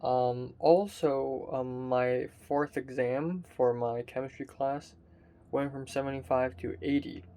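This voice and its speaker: A man's voice: medium pitch, fairly even intonation, dark tone, slight background noise. Drowsy young man rambling at home. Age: young adult. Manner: rambling, halting, with frequent fillers and swearing. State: sleepy and tired. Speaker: college student vlogger. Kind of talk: casual video diary. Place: his bedroom at home. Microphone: self-filmed camera.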